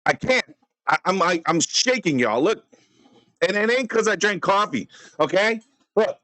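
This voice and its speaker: A man's voice: high voice, animated, measured pace, pauses often, pushed and bright, no echo, low-quality recording. A man hosting a live stream, ranting in theatrical mock fury at a fellow streamer.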